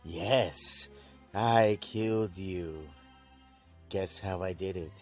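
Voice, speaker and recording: A man's voice: deep voice, drawn-out words, a little mellow, soft background music. A man voicing a smug, sinister male villain, gloating and taunting. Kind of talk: casual episode recap with voiced quotes.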